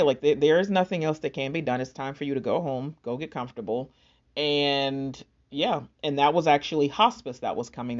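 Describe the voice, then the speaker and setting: Earnest woman sharing a faith testimony. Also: low voice. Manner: earnest, emotional storytelling. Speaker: speaker sharing a personal testimony. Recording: dull lo-fi sound.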